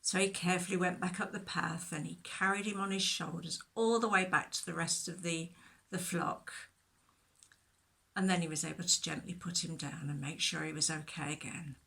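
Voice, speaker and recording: A woman telling a Bible story to children, expressive, with whispered asides. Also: lowish voice, moderate pace, gravelly.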